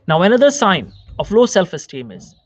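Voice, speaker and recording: A man who is a doctor delivers a seated self-help psychology lecture to the camera, often repeating phrases and asking viewers questions. He speaks in a high voice, very animated and a little fast, and the audio is dull with no room sound.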